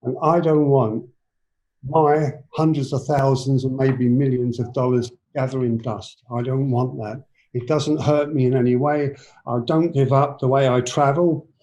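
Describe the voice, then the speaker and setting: A man in his seventies with an English accent, a guest telling his life story in a rambling, halting way full of restarts. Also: medium pitch, steady tone, warm tone, lo-fi sound. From England. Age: 70s. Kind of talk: personal storytelling in an interview.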